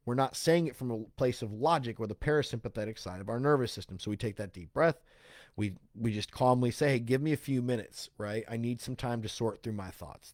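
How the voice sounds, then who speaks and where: A man at a medium pitch talks through self-help advice in a loose, conversational way, full of "like" and quick "right?" check-ins. The sound is dry and close, with no room around it. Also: a little mellow, no room sound. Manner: explains with frequent "right?" and "okay?" check-ins; casual, loose phrasing with restarts and "like".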